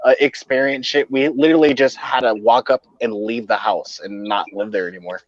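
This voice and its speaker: Male guest, mid pitch, halting casual talk with restarts, dry close lo-fi sound. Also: fairly even intonation, dry recording. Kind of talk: casual livestream chat. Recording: dry, dull lo-fi audio.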